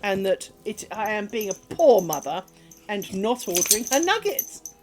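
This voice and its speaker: A woman's voice: medium pitch, sing-song, moderate pace, a little mellow, faint music behind. A middle-aged British woman streaming from home, chatting casually while she crafts, rambling along with dry humour and plenty of swearing.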